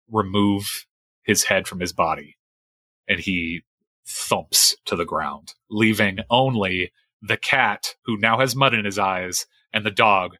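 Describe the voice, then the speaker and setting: A man narrating a tabletop game as game master, describing the action in a lively way. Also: on the low side, dry recording.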